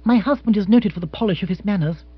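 Wry sophisticated wife, read by a man, slightly husky, dry dull recording. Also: high voice, quick pace, dry recording, pitched above the performer's own voice.

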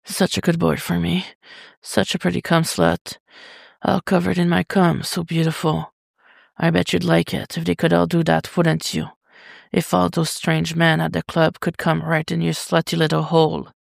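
A reader voicing a dominant adult male lover who murmurs low and darkly, then soothes. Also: flat delivery, moderate pace, vocal fry, dry recording, clean studio sound.

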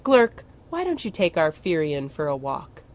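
A woman's voice: sits low, very animated, a little slow, darkish tone. A woman voicing a kindly old witch who soothes and coos in a sing-song way. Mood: soothing.

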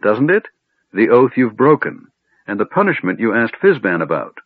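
A man's voice: mid-range voice, big pitch swings, normal speed, no room sound, pitched above the performer's own voice. A man reading an audiobook voices a determined young elf woman who presses her point persistently, on a tinny phone-like recording. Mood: insistent. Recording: tinny phone-like band, dry.

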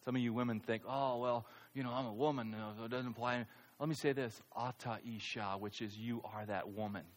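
A man's voice: fairly even intonation, a little fast. Preaching man in a reverberant hall. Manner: swings between loud high-pitched outbursts and quiet low delivery. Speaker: pastor. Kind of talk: sermon.

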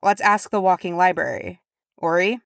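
A woman's voice: fairly low pitch, normal speed, vocal fry, dry recording, studio quality. Cheeky dwarf thief, put on by a woman. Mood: flippant. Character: cheeky young male dwarf thief, flippant.

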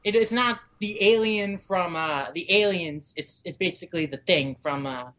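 A man's voice: sits high, moderate pace, bright, forceful tone. A young man co-hosting a podcast, casually recapping a manga chapter and slipping into playful character voices. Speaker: podcast co-host.

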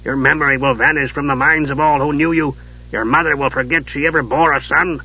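A man voicing a worried old male dwarf with a deep, grim voice, giving dread-filled warnings. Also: fairly even intonation, brisk, bright, forceful tone, breathy edge. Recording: dull lo-fi audio.

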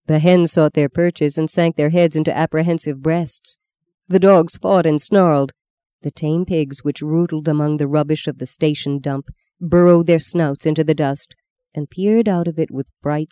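Low, warm woman narrating an audiobook. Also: steady tone, clear, resonant tone, no room sound. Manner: measured, descriptive storytelling. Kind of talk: scripted narration.

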